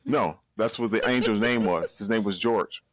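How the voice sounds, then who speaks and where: A man's voice: fairly low pitch, normal speed, dry recording. A man co-hosting a podcast, enthusiastically chatting about a movie and tripping over his words. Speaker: podcast co-host. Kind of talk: casual movie chat.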